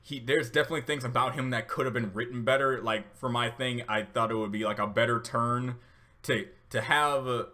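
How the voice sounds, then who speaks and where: Male reaction host, bright edgy tone, mid pitch, loose rambly delivery full of fillers. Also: steady tone, brisk. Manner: rambling, many fillers and restarts; emotional, laughing through tears. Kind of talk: casual reaction commentary.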